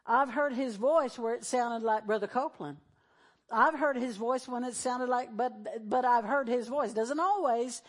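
High-voiced woman pastor preaching. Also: a little slow. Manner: conversational preaching, acts out quoted voices. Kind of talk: sermon.

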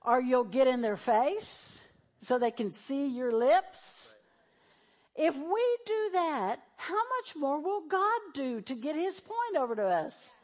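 A woman's voice: high voice, expressive, slow pace. A middle-aged woman pastor preaching a sermon in a conversational way, acting out the voices she quotes.

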